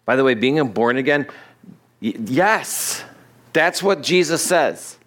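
A man's voice: medium pitch, animated, measured pace, a bit bright. A middle-aged man, a pastor, preaching an expository sermon in a loose, conversational way, laughing at his own asides and acting out the people in the text. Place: church sanctuary.

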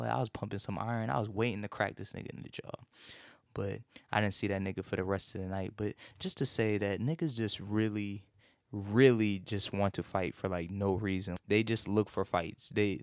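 A man's voice: lowish voice, vocal fry, no room sound, clean studio sound. A man hosting a show, ranting casually with heavy swearing and rambling restarts. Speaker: host. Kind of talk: casual profane rant.

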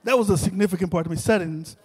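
A male preacher telling a story in an animated sermon, repeating phrases and calling out to the congregation. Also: high-pitched, racing, breathy edge. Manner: animated, repetitive, talks to the crowd. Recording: long reverb of a large hall.

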